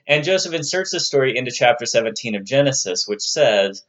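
A man's voice: mid-range voice, big pitch swings, a little fast, a bit bright. Man lecturing on scripture, slightly muffled. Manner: conversational, occasionally puts on playful voices for quoted figures. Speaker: religious studies lecturer. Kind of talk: explanatory lecture.

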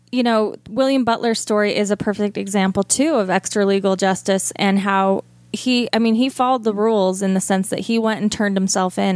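A woman's voice: mid-range voice, dry recording. A woman hosting a podcast, introducing her guest and asking questions in an eager, conversational way. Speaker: podcast host. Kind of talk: podcast interview.

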